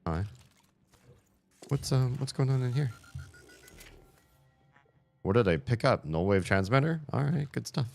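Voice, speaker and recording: A man playing a video game and commenting as he goes, excitable and jokey, reading in-game emails aloud. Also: medium pitch, unhurried, creaky, pauses often, faint music behind. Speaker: gaming streamer. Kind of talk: let's play commentary.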